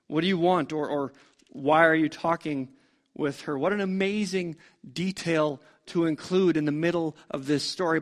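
A man preaching a storytelling sermon in a conversational way, full of rhetorical questions. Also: a little high.

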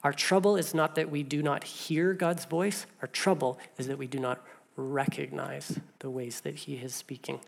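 Preacher repeating a slow refrain. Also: mid-range voice, fairly even intonation, creaky. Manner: repeats a refrain slowly for emphasis; conversational asides with stumbles and restarts. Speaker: pastor. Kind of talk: sermon with scripture reading.

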